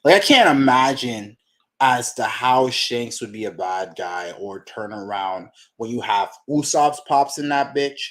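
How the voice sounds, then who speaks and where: Profane excitable man reacting aloud. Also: fairly low pitch, a little slow, hardly any pauses. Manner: profane, excitable, talks to himself while reading. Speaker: manga reaction channel host. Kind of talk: casual reaction commentary.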